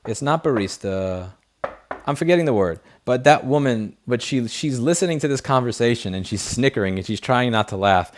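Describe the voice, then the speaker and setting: Over slight background noise, a man with a mid-range voice speaks animatedly at a moderate pace. He's a livestream host at his home studio desk, using a studio headset mic to read viewer messages and spin blunt, profane, rambling stories in a casual stream.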